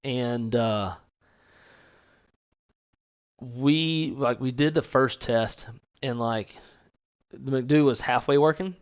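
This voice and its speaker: The recording is muffled as this man, host of a flight simulator stream, talks slowly with long pauses in a mid-range voice. It's casual gaming banter with his co-pilot, full of swearing and frequent laughter, and his manner is loose.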